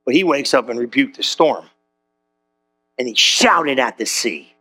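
A man's voice: measured pace, husky. A man preaching as a pastor, telling a story with slang and acting out every voice in the dialogue. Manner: animated, slangy, acts out dialogue with big pitch jumps. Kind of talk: comedic storytelling sermon.

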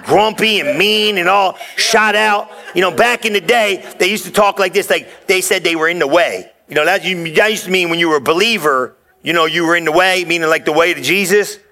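A male pastor with a high-pitched voice delivers a lively sermon. His voice has a bright, forceful edge. He talks in a folksy, conversational way, cracking jokes and shouting out his punchlines. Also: a little fast, vocal fry, few pauses. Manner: energetic, joking preacher who shouts out punchlines.

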